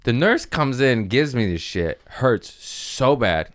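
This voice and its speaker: A young adult man hosting a podcast, telling a story in casual chat, animated and profane, acting out voices and yelps. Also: medium pitch, slow. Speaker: podcast host.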